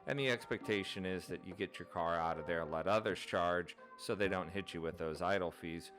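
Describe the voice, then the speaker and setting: A man with a fairly low voice narrates an explainer at an even, methodical pace, ticking through points one after another. Faint music plays softly beneath his voice-over. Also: a little fast. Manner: steady, methodical, lists items one by one. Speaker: channel host.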